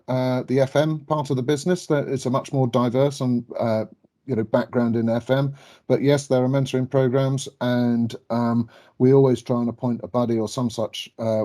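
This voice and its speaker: Flat-voiced British man, halting. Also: mid-range voice. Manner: hesitant, many fillers and restarts. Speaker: company panel speaker. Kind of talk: online webinar answer.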